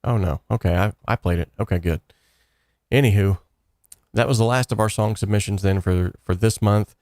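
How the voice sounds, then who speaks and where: A man hosting a casual livestream for a song contest speaks earnestly and encouragingly, rambling loosely with frequent fillers. His voice is fairly low and a little mellow at normal speed, with studio-quality sound and no echo.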